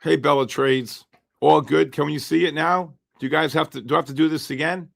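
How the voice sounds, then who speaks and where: A hoarse man hosting a live trading stream, chatting with viewers by name while he calls trades. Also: fairly high pitch, fairly quick. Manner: animated, greets chat by name while calling trades. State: hoarse, losing his voice. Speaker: livestream host and futures trader.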